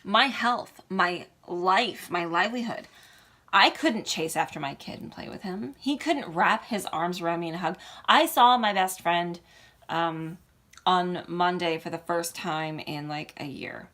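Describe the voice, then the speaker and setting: In a heartfelt motivational vlog, a woman speaks earnestly and emotionally to her viewers, encouraging them. Her voice sits on the low side, fairly bright, at a measured pace.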